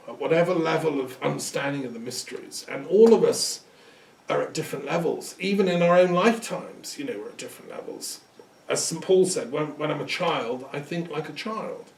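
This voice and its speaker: A man with a slightly raised, gravelly voice gives a rambling, conversational lecture, clearing his throat and restarting his sentences. He sounds distant from the microphone. The room around him echoes noticeably. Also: fairly high pitch. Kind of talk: informal lecture with storytelling. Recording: echoey room, speaker away from the mic.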